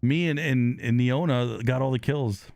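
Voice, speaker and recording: A man streaming a live online game, chatting with viewers, excitable with sudden loud exclamations and quick apologetic laughs, on a close desk microphone. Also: medium pitch, vocal fry, dry recording, faint music behind. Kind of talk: live gaming stream chat.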